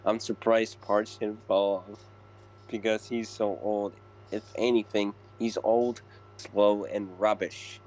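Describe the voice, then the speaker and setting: A man's voice: lowish voice, level tone, slow pace, a little mellow. A man voicing a grumpy, dismissive male train engine. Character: grumpy young adult male engine, Ted.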